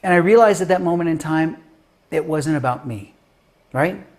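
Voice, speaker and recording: In an interview, a middle-aged guest who writes books and teaches science shares animated anecdotes in a slightly high voice. He performs the other characters' voices and alternates loud, rapid bursts with slow, hushed lines.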